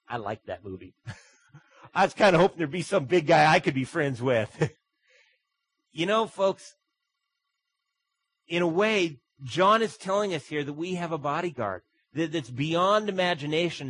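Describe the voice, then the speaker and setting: A man preaching a sermon, telling stories that rise into loud bursts and drop to soft asides. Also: medium pitch, slightly rough, rough recording. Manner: storytelling with sudden loud swells and soft drops. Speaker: pastor.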